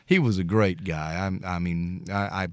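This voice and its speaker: Folksy musician telling stories. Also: male voice, deep voice, steady tone, a little slow, no echo, studio quality. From Mississippi, US. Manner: rambling, folksy, anecdotal. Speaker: musician guest. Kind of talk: storytelling interview.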